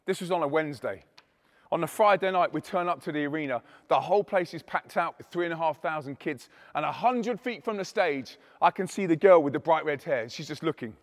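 Animated man telling a story in a reverberant hall. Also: fairly high pitch, brisk. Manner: animated, emphatic, acts out quoted dialogue. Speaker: Christian youth speaker and musician. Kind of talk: dramatic storytelling testimony to an audience.

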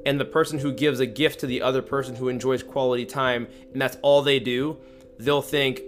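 A young man hosting a podcast, telling a story in casual chat, animated and slangy, acting out the lines he quotes. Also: mid-range voice, brisk, over music. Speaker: podcast host.

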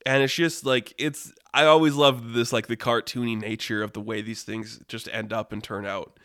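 A man telling an improvised story casually, rambling and animated with lots of fillers. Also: mid-range voice, normal speed, no room sound. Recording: dry close mic.

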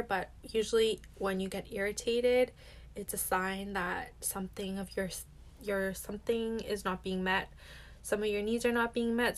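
A young adult woman hosting a self-help podcast, talking candidly and casually, filling her speech with "like" and swearing now and then. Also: mid-range voice. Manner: chatty, heavy use of "like", candid and swears casually. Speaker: podcast host.

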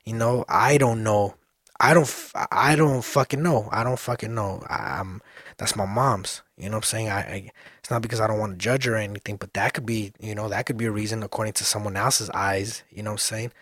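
A man's voice: on the low side, fairly even intonation, fairly quick, a bit bright, breathy edge, no room sound, clean studio sound. A man in his thirties hosting a solo podcast, rambling casually, cursing often and restarting his sentences. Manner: rambling, swears a lot, many restarts.

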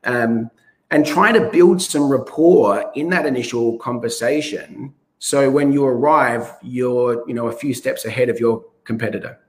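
A man from Australia, a real estate coach giving advice in an interview, his voice a bit hoarse and often restarting sentences. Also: mid-range voice, a little slow. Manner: restarts sentences, stresses key words. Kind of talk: podcast interview.

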